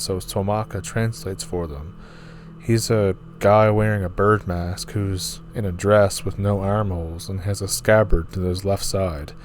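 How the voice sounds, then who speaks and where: A man's voice: lowish voice, a little mellow, a little hiss or hum. A man reading scary forum stories aloud in a casual, offhand way, with asides of his own.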